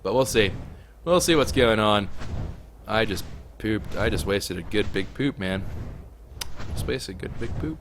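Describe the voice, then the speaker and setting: A young man giving casual let's play commentary as a gaming YouTuber, swinging from low mutters to loud excited outbursts. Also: a little slow, pauses often, background noise.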